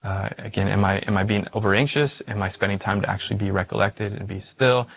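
A man's voice: lowish voice, fast, gravelly, a bit bright. A man, a priest, teaching about prayer in a conversational way, with many fillers and questions to the listener. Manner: conversational, frequent "like" and "right?" fillers. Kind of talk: spiritual teaching talk.

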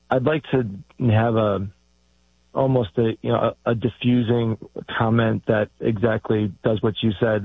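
A man's voice: on the low side, slightly rough, no echo. A man calling into a show, speaking hesitantly with many fillers and restarts. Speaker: caller. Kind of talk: call-in conversation. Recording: tinny dry phone line.

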